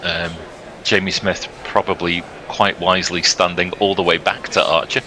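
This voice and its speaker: A man calls each delivery of a cricket match in a brisk, upbeat commentary style. His voice is lowish and sharply bright, and he laughs easily between balls. A faint noise hums under his voice. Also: creaky, rough recording. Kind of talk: ball-by-ball commentary.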